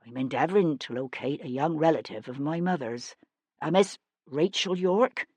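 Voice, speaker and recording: A woman voicing a timid, awkward young gentleman who speaks softly and hesitantly, his sentences rising like questions. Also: deep voice, normal speed, slightly rough, no echo. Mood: meek. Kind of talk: audiobook character voice.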